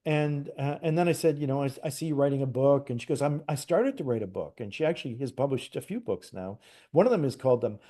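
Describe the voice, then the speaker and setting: A Canadian man with a mellow, warm voice tells a personal story as an interview guest. He slips into the voices of the people he quotes and talks loosely, full of "like" and false starts. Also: mid-range voice, fast. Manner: animated retelling, acts out quoted dialogue, frequent "like" and restarts. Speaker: interview guest, psychic medium. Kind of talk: casual storytelling.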